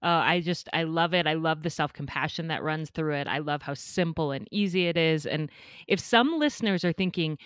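A woman's voice: sits low, moderate pace, dry recording. Enthusiastic woman hosting a podcast. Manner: warm, enthusiastic. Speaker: podcast host. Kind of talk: podcast interview.

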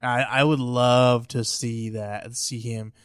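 A man's voice: medium pitch, little pitch movement, slow pace, fairly bright tone, clear, resonant tone, no echo, clean studio sound. Easygoing man with a Spanish-speaking accent. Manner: easygoing, lots of short agreements. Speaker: podcast co-host. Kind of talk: casual chat about movies.

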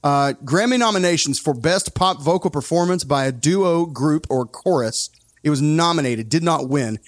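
A man hosting a casual music podcast. He talks in an opinionated, animated way and often breaks off his own sentences. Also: a little high, moderate pace, dry recording, clean studio sound. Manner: opinionated, animated, self-interrupting. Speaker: podcast host.

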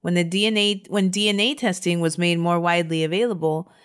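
A woman's voice: fairly low pitch, steady tone, a little fast, fairly bright tone, smooth. A woman podcast host recounting a true crime case in a conversational way, laughing now and then.

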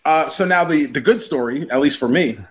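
A young man from New York telling a story in casual chat, rambling and animated with lots of "like". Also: a little high, a little fast. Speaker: podcast storyteller.

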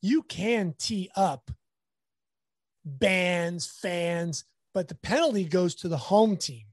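A man, a sports photographer, telling a candid anecdote with lively asides in a casual interview. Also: high-pitched, slow, no echo, studio quality.

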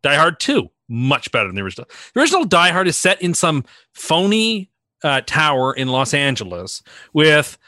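A man's voice: on the high side, wildly swooping pitch, normal speed, sharp tone, no room sound, studio quality. A man hosting a podcast in casual chat, opinionated and contrarian, rambling through his points. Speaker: podcast host.

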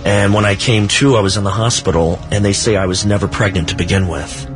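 A low-pitched man speaks as a guest on a radio show, telling his paranormal stories at an unhurried pace. Now and then he drops a small laugh. Music plays clearly under his voice. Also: steady tone. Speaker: paranormal author and researcher, guest. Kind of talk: casual radio interview.

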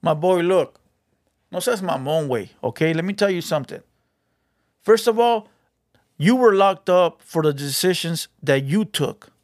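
A man's voice: on the high side, lively intonation, moderate pace, no room sound, clean studio sound. A man giving a blunt, preachy street advice monologue as a reaction video host, mixing Spanish slang into his talk.

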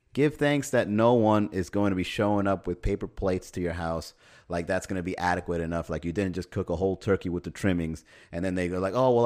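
A man's voice: low-pitched, darkish tone. A man hosting a podcast, talking in a wry, sarcastic comic monologue and laughing at his own jokes. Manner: swears casually. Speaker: podcast host. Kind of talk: casual comedic podcast monologue.

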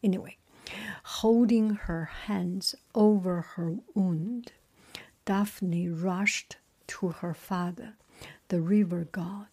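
Very slow whispering woman storyteller. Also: lowish voice, steady tone, background noise. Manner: soft whisper, chatty asides with slips and restarts.

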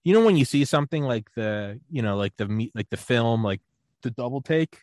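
A man in casual podcast chat, rambling through a story with plenty of fillers and laughter. His voice sits at an ordinary middle pitch. The sound is dry and close, with no room around it. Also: lively intonation, brisk, darkish tone, dry recording. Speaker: podcast co-host.

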